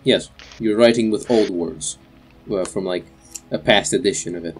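Low-voiced young man running a tabletop game. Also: moderate pace, faint music behind. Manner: loose and rambling, many fillers. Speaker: game master.

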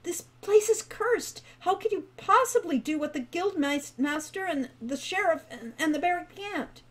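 A nervous teenage boy from a fantasy storybook, read by a woman, always expecting the worst. He frets quietly, slipping into panic, in a slightly high voice. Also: lively intonation, normal speed. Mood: anxious. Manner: fretful, gloomy, quiet. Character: worried anxious teenage boy.

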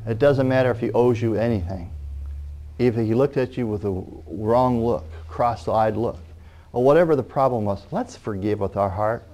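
A middle-aged man preaching a sermon, animated, acting out the people in his stories. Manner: animated, acting out quoted people in raised pitch.

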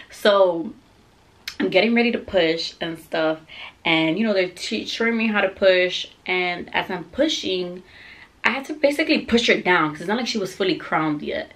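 Young woman vlogger, candid storytime, low-ish voice, swears. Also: normal speed. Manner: candid, animated, swears freely. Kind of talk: casual storytime.

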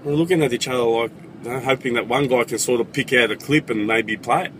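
Young Australian man, sarcastic comedic monologue, bright tone. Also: medium pitch, quick pace, a little hiss or hum. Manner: sweary, sarcastic.

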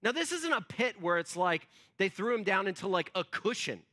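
Brief: man preaching in church, high and bright voice, chatty storyteller who leans on fillers. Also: very animated, moderate pace. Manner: conversational storytelling, acts out quotes, frequent fillers. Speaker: pastor. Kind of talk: sermon.

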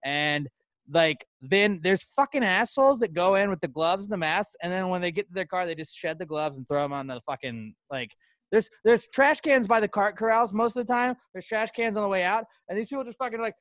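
A young man co-hosting a podcast, ranting loudly and angrily with lots of swearing. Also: sits high, fairly quick, no room sound. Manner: profane, loud, angry ranting. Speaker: podcast co-host. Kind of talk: heated rant on a podcast.

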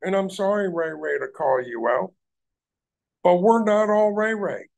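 Gravelly man ranting on a livestream. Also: high-pitched, animated, measured pace, darkish tone. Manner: heated, confrontational, swears heavily. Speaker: livestream host. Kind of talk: profane ranting livestream chat.

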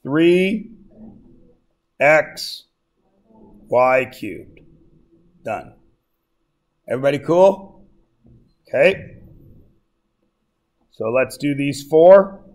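A man's voice: on the high side, lively intonation, drawn-out words, pauses often. A male math teacher lecturing a class, joking and often checking that everyone follows. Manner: jokey, keeps checking in with the class.

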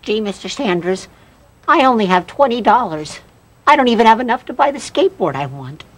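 A woman's voice: a little high, animated, fairly quick. A woman voicing a cheerful, wide-eyed young alien exchange student in a children's video. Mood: glum.

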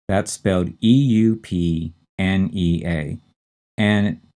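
Slow, deep-voiced male instructor. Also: a little mellow. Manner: slow, careful, spells out terms letter by letter. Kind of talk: recorded medical terminology lecture.

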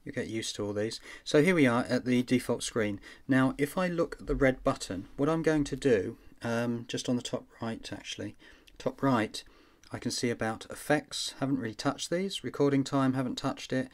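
A man talking casually as he walks through a recording app's settings, thinking aloud and counting out loud to test levels. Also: mid-range voice, normal speed. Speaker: app reviewer. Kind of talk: casual screen demo walkthrough.

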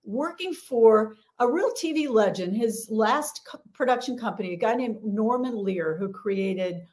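Middle aged american woman, higher voice, chatty interview guest joking about herself. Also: lively intonation, a little slow, a little mellow. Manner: chatty, self-deprecating storytelling. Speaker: guest, leadership coach. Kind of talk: conversational interview.

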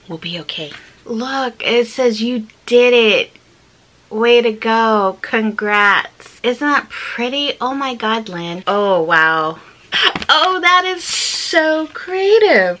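A woman's voice: mid-range voice, sharp tone. A woman vlogger reading viewers' holiday cards aloud in casual chat, gushing and gasping with delight. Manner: gushing, gasps and exclaims often.

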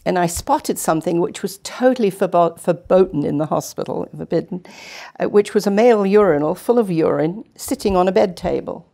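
A woman in her seventies from England, a guest telling chatty, lively stories in a TV interview. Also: on the low side, brisk, gravelly, few pauses. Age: 70s. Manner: chatty, animated anecdotes. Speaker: guest, retired nurse. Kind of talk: casual storytelling interview. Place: community TV studio.

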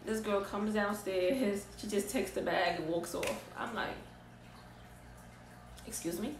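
A young woman in casual, slangy storytime vlog style, recounting events in an animated way. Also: mid-range voice, unhurried, music in the background. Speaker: vlogger. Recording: roomy echo, distant mic.

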